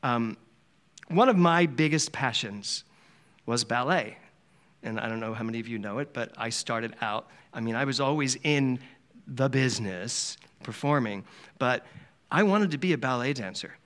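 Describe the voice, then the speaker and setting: A minister from Philadelphia, USA, gives a conversational Sunday sermon in a church service hall, telling stories in a chatty way and laughing often. He has a medium-pitched, fairly bright voice with lively intonation at a moderate pace.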